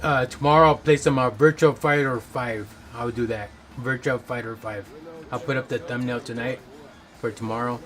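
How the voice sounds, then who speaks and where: A man's voice: mid-range voice, fairly even intonation, fairly quick, a bit bright, a little hiss or hum. Rambling male game streamer. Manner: rambling, loose, many fillers and self-corrections. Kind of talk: casual chat.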